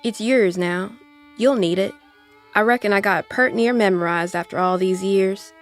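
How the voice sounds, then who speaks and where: An actress with an Appalachian accent playing an elderly aunt who sees the future, speaking in a slow, soft, folksy drawl. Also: female voice, mid-range voice, faint music behind, natural voice. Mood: gentle. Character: elderly Appalachian aunt, seer, gentle and weary. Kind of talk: audio drama acting.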